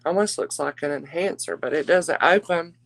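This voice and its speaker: A woman's voice: deep voice, moderate pace, gravelly, no room sound. A woman hosting a live-stream jewelry auction, chatting with viewers and calling them darling. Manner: chatty, warm endearments to viewers.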